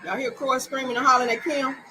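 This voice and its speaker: A woman's voice: high voice, fairly even intonation, fast, noisy background. A woman hosting a casual celebrity gossip show, talking in a sassy, blunt way and speaking straight to her viewers. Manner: sassy and blunt, addresses the audience as "honey" and "y'all". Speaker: host.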